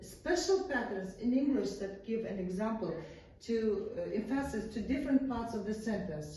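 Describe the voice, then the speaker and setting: A female English teacher with an Uzbek accent lectures her class in a fairly high, mellow voice, often saying "uh-huh" and checking in with "yes?" She's recorded from across an echoey classroom.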